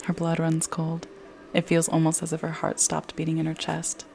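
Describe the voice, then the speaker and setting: A young woman narrating a story in soft ASMR whispers. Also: low voice, completely flat delivery, moderate pace, gravelly, slight background noise. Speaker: ASMR creator.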